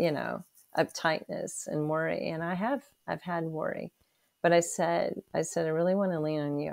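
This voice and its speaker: Woman, 60s, low-pitched, gravelly, earnest testimony, emotional, halting restarts. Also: darkish tone. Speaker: interview guest. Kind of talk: personal testimony in an interview.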